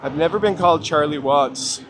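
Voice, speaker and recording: On downtown city streets and through tunnels, a middle-aged man hosts a casual walking live-stream. His voice is a little high and fairly bright, at a moderate pace, and he jokes with viewers in self-deprecating asides. Faint city street noise and traffic ambience sit in the background.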